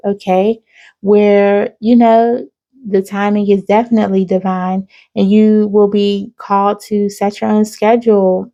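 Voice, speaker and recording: A woman's voice: mid-range voice, warm tone, lo-fi sound. A woman giving an intuitive spiritual reading to her viewers. She keeps adding "okay?" as she runs through lists of numbers and signs. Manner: frequent "okay?" tag questions, reeling off numbers. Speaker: spiritual reader.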